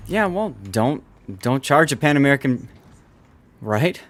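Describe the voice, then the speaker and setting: Lively-voiced man chatting on a game stream. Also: medium pitch, a little slow. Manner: chatty, answers chat messages between game callouts. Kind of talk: casual live-stream chat while gaming.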